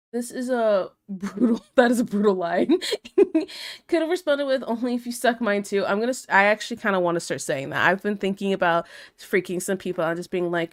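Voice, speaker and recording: A young woman, chatting casually on a live stream, reading chat messages aloud and laughing often. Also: medium pitch.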